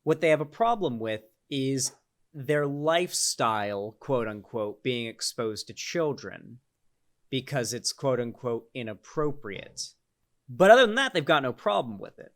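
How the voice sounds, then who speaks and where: A man's voice: mid-range voice, a little slow, a bit bright. A man giving casual, sarcastic commentary, rambling with restarts and filler words. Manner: sarcastic, exasperated. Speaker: political commentary YouTuber.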